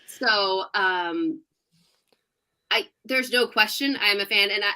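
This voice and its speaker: A woman in her thirties, a sports reporter, chats as a podcast guest with a bright, forceful tone. She tells her stories with animated energy and laughs often along the way. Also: mid-range voice, slow. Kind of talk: casual podcast interview.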